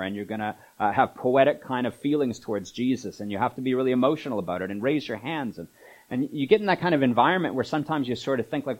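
A man's voice: mid-range voice, fast talker, lo-fi sound. A man preaching a sermon as pastor, in a conversational manner full of asides and filler words. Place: church.

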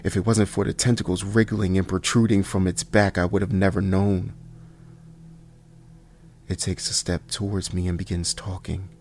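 Deep, flat-voiced man narrating horror. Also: slight background noise. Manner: slow, hushed, dropping to near whispers. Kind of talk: first-person horror story narration.

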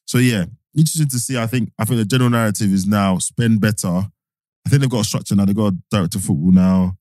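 A man, co-hosting a casual football podcast, talking in animated, slangy bursts. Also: fairly low pitch, fast, no echo. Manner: animated, slangy, mimics people he quotes. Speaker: podcast co-host.

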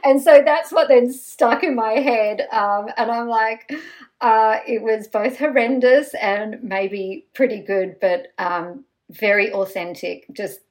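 A woman guest on a podcast, telling stories in an animated, self-mocking way. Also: fairly high pitch, takes it slowly. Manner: lively, self-mocking storyteller.

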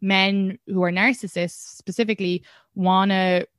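A young Irish woman, a comedian guest, telling stories in a casual podcast chat with lively restarts. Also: medium pitch, measured pace, no room sound, clean studio sound. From Ireland. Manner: animated storytelling with frequent restarts and laughs.

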